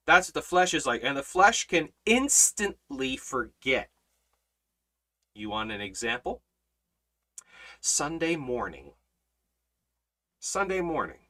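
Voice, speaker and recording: A man teaching a Bible study in a preaching style, emphatic, repeating words and swinging between loud and soft. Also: a little high.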